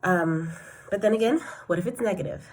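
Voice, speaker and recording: A young woman recording a personal diary vlog, rambling and reflective, softly earnest and often trailing off as she talks to herself. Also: mid-range voice, fairly quick, faint music behind. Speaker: vlogger.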